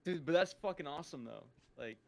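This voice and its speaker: A man co-hosting a casual podcast, upbeat and quick to cheer on his friends. His slightly high voice swings lively up and down. He laughs often. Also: vocal fry. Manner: upbeat, encouraging, laughs a lot. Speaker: podcast co-host and stream moderator.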